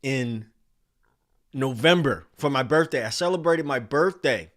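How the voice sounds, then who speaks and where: A man in his forties hosting a casual livestream, reading chat names aloud in an animated way. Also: medium pitch, unhurried. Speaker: livestream host.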